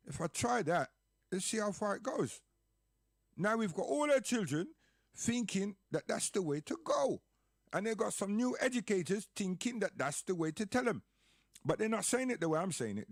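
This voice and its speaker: A man speaks in an impassioned, emphatic monologue, hammering points with repetition and rhetorical questions. His voice sits a little high. The recording is dry and close, with no room sound. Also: lively intonation, moderate pace, no room sound.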